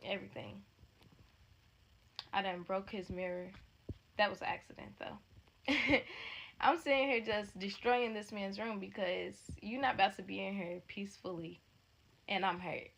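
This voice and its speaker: A young woman telling a dramatic story to her listeners in a casual, animated way. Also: medium pitch, unhurried, creaky, pauses often, slight background noise.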